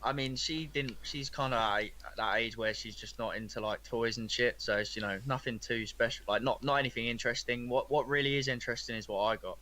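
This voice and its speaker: Laid-back man with a bright voice. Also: mid-range voice, steady tone, a little fast, few pauses, a little hiss or hum. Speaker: podcast co-host. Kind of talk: casual chat.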